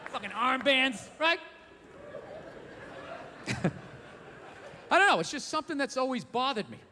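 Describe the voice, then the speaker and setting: A man doing a stand-up comedy set on stage, ranting and swearing with loud shouted bursts, recorded live in a theater. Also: extremely high pitch, very animated, measured pace. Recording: live in a theater with long reverb and faint crowd noise.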